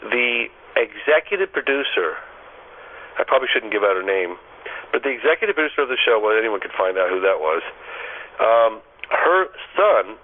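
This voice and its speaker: A middle-aged man telling a story as an interview guest, animated, often stammering and repeating words. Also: medium pitch. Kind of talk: casual storytelling. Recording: tinny phone line.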